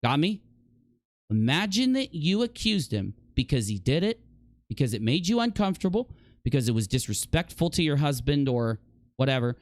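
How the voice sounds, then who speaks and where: A man's voice: on the high side, very animated, normal speed, no echo, studio quality. Direct: an emphatic, accusatory male commentator. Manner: emphatic, accusatory, repeats for effect. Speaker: commentary vlogger. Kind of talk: indignant commentary.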